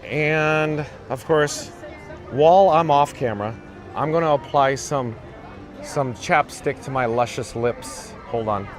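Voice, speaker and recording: A man's voice: medium pitch, slow, soft background music. A man hosting a live stream outdoors on a handheld phone, chatting in a rambling way, jumping between tangents and reading out viewer comments. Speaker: live-stream vlogger, channel host. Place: outdoors at a theme park parade route.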